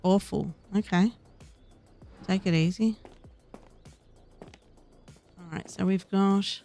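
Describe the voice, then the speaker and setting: A woman's voice: medium pitch, steady tone, slow pace, gravelly, pauses often, warm tone, faint music behind. A woman casually talking through a game as she plays, reading the game's dialogue aloud in her own voice. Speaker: gaming host. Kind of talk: casual gameplay commentary.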